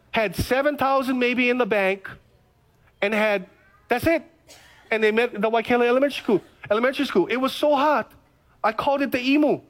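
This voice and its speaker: A middle-aged man preaching a conversational radio sermon, telling stories with lots of repetition. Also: extremely high pitch. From Hawaii. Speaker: pastor.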